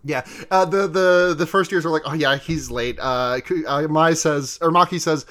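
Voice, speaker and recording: A high-voiced man rambles through an anime recap in casual chat, his delivery excitable and loose. He swears freely and quotes the characters without fully acting them out. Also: moderate pace. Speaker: podcast co-host recapping anime.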